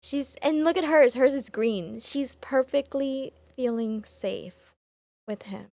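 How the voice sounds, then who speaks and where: High-voiced gushing woman reacting. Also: slow, vocal fry, dark tone, no room sound. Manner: emotional, gushing, stumbles over words. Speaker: reaction video host. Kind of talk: excited reaction commentary.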